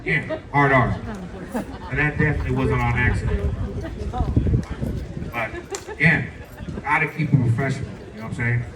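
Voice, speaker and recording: A young stand-up comedian works a comedy club stage, playful and loose, talking straight to the crowd. His voice is medium-pitched at normal speed with long pauses. The club sounds roomy, the mic is distant, and a faint crowd can be heard.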